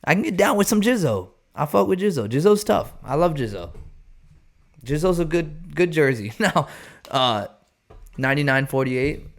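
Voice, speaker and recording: Male baseball show host, casual and rambling, animated and jokey. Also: mid-range voice.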